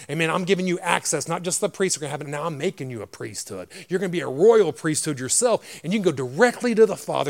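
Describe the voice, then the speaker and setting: A man preaches in a church, his voice rough and gravelly and sitting a little high. His sermon rises and falls with animated repetition and frequent amens. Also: fast, hardly any pauses.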